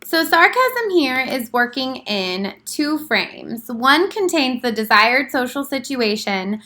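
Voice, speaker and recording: A woman's voice: a little high, sharp tone. A woman presenting a prepared class talk, reading it aloud carefully with a few slips.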